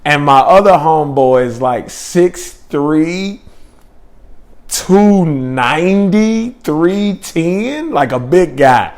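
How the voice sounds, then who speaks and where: A man's voice: fairly high pitch, lively intonation, slow pace. Young guy rambling thru a funny story, slangy and chill, lots of uh and like. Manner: laid-back slangy rambling with fillers. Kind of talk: casual storytelling.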